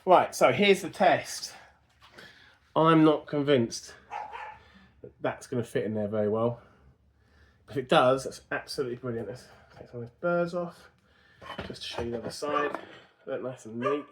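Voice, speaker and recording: Man, lively swooping pitch, self-deprecating chatter, noisy garage. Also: moderate pace, long pauses. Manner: self-deprecating, chatty, talks to himself while working. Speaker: car restoration vlogger. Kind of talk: casual workshop chat to camera. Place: home garage workshop. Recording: noisy workshop with dogs barking.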